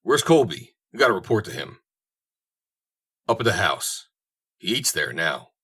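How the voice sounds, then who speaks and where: A man voicing a rough, folksy cowhand with a drawling western dialect in an audiobook. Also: low-pitched, big pitch swings, a little slow, pushed and bright, full character voice. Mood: gossipy. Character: rough, folksy old cowboy singer.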